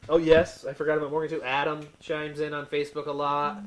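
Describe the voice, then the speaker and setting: A man's voice: a little high, completely flat delivery, quick pace, poor audio. A man co-hosting a podcast in casual chat, rambling with many fillers and restarts. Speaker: podcast co-host.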